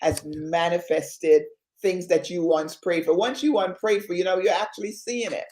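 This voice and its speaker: A woman's voice: on the low side, steady tone, normal speed, darkish tone. Woman ministry host in an echoey room. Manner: emotional, exhorting preacher cadence. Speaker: ministry talk show host. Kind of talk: Christian talk show hosting. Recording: roomy echo.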